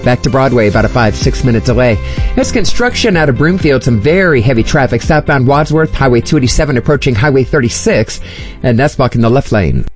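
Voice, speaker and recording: A man giving a radio traffic report as a quick, matter-of-fact rundown. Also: mid-range voice, lively intonation, soft background music.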